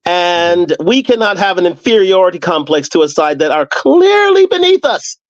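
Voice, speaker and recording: A man's voice: sits high, sing-song, moderate pace, no echo, muffled recording. A man on a football podcast panel, talking in an emphatic, fired-up way and often repeating words. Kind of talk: casual chat.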